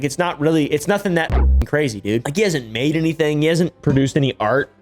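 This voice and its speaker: A man doing YouTube reaction commentary, ranting and swearing in an irritated way. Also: a little high.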